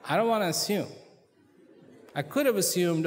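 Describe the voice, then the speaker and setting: A man telling a story to a live audience in a large hall and questioning them directly, in a slow, deliberate manner. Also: sits high, animated. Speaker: speaker addressing an audience. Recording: long hall reverb.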